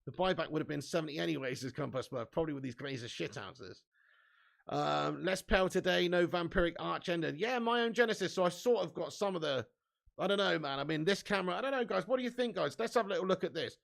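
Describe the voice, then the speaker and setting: Chatty, high-voiced, gravelly male streamer. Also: expressive, fast, fairly bright tone. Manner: chatty, laughs often, swears, reads viewer comments aloud. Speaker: fan channel live-stream host. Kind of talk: casual live-stream chat.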